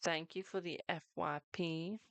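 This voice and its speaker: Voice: mid-range voice, fairly even intonation, unhurried, vocal fry, fairly bright tone, no echo. A live-stream host doing tarot readings in a chatty, reassuring way, calling viewers "my darling" and leaning on "okay" between lines. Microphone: close microphone.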